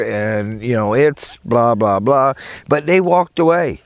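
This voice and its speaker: A man's voice: a little high, a little slow. A middle-aged man with a Southern US accent telling a rambling story on his podcast, acting out the voices of the people in it. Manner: animated, rambling, acts out quoted voices. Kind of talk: casual storytelling.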